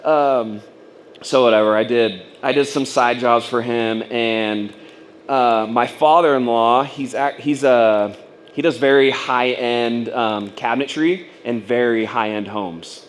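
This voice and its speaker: A man's voice: mid-range voice, fairly even intonation, a little slow, a little hiss or hum. Man rambling through a personal story. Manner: rambling and casual, full of fillers and acted-out quotes. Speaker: speaker at a business training event. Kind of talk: personal story told to an audience.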